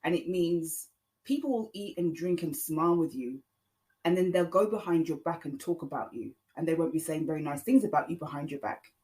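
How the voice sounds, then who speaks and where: Low-voiced woman pleading on a podcast. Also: fairly quick, dark tone, poor audio. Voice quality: earnest, pleading, repeats her points. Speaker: podcast host. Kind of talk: casual opinion monologue.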